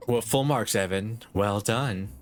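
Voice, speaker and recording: A man's voice: fairly low pitch, a little slow. A man, casually rambling and laughing while streaming a game. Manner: giggly, rambling, self-deprecating.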